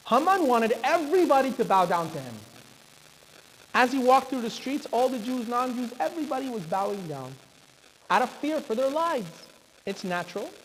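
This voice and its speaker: Animated rabbi telling a story in synagogue. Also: male voice, extremely high pitch. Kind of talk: storytelling sermon. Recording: reverberant hall, faint background noise.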